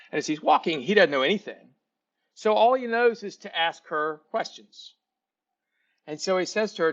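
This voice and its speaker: A man, a sales trainer, telling a teaching story in a folksy, animated way, in a slightly muffled recording. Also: a little high, moderate pace. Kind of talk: storytelling lesson.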